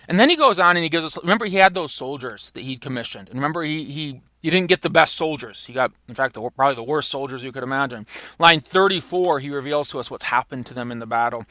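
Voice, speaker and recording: A man giving a recorded literature lecture, animated, with many fillers and restarts. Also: medium pitch, fairly quick, dry recording.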